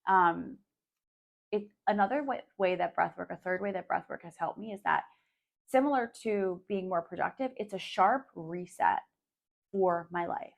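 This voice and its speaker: A woman's voice: lowish voice, normal speed, creaky. A woman hosting her own podcast, talking casually and candidly straight to her listeners, swearing freely and filling her talk with "like" and "um". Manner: coaching, speaks directly to listeners. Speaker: podcast host. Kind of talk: casual solo podcast monologue.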